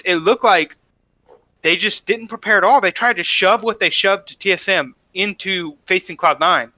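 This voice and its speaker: With a voice that sits high, pushed and bright, this podcast co-host analyzes esports matches in casual chat. He's opinionated and emphatic, hammering his points by repeating them, and there's no room sound.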